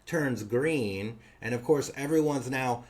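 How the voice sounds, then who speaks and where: A podcast co-host with a mid-range voice speaks slowly as he tells a funny story in casual chat. He acts out the other people's lines as he goes.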